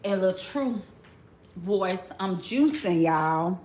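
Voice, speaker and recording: A woman's voice: mid-range voice, animated, darkish tone, reverberant, slight background noise. A woman in her forties hosting a live-stream commentary, blunt and sassy, talking straight to her chat. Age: 40s. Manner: drawn-out, talks straight to the chat.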